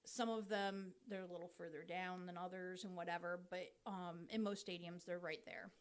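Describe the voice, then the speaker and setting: A woman's voice: lowish voice, fairly even intonation, normal speed. Chatty woman explaining baseball. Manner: chatty, explains step by step with many ums. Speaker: podcast co-host explaining baseball. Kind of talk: casual explanatory chat.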